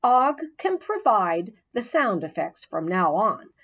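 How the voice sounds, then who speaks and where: A woman reading aloud voices a patient but firm schoolteacher who gently scolds her class. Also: medium pitch, sing-song, exaggerated voice. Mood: stern. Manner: brisk, gently scolding teacher voice.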